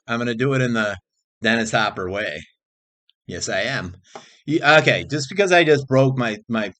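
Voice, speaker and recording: A man's voice: fairly low pitch, fairly bright tone. A man vlogging in a rambling, casual monologue, cursing freely, restarting sentences and jumping between topics. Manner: frequent restarts and repeated phrases.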